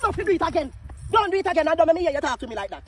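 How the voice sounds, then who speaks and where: A Jamaican man lectures about keeping children in line. His voice is very high and he talks very fast. He sounds a little away from the mic. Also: sing-song, a little hiss or hum. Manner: lecturing about disciplining kids.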